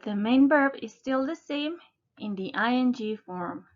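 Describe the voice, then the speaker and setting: A woman slowly and deliberately narrating a scripted English grammar lesson, spelling out word endings letter by letter. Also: on the high side, expressive, lo-fi sound. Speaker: English teacher.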